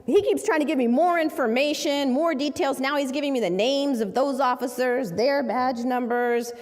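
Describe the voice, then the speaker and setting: A woman who is a lawyer, telling a story in a dramatic, animated way. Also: high-pitched, normal speed, big-room sound. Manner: animated, acts out quoted voices.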